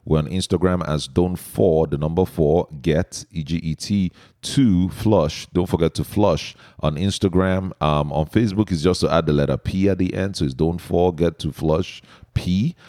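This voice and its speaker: A man's voice: sits low, normal speed, warm tone, dry recording, studio quality. A man from Nigeria with an Igbo accent, hosting a podcast in a chatty way and laughing often. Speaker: podcast host.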